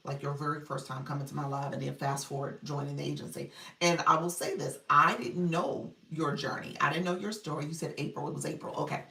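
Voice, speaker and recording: A low, gravelly-voiced woman talks through a casual live stream, chatting with viewers and laughing easily. She sits back from the mic in an echoey room at home, so the sound is distant and roomy. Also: steady tone, a little fast, bright, forceful tone. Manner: chatty, laughs often, reads viewer comments aloud. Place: room at home, child heard in background. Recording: roomy livestream audio from off-mic.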